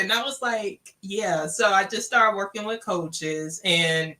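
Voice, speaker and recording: A woman's voice: mid-range voice, unhurried, hardly any pauses, pushed and bright. A woman from Louisiana, candidly telling her personal story and acting out the dialogue she quotes. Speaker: guest sharing her story.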